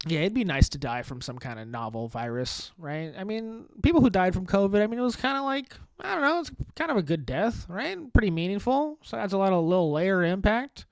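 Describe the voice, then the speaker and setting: Solo podcast host, man, slightly high voice, deadpan sarcastic rambler, dry close mic. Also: a little fast, hardly any pauses, clear, resonant tone, no echo.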